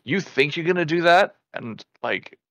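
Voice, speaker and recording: Gravelly man, dry close sound, animated storyteller, swears a lot, casual podcast chat. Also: a little high, normal speed, dry recording, highs cut off. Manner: animated storyteller, swears freely, acts out quotes. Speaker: podcast co-host.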